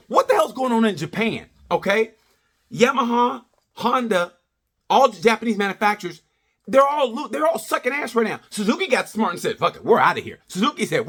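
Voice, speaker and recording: Guy vlogging a race review, swears a ton, rambles, pitch jumps all over, kinda high voice. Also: fairly bright tone, husky. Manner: profane, rambling, jokey. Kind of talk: casual ranting review.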